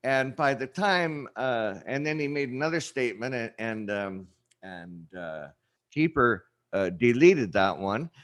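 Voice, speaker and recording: A man hosting a casual livestream chat, rambling and halting with many fillers. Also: medium pitch, expressive. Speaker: show host.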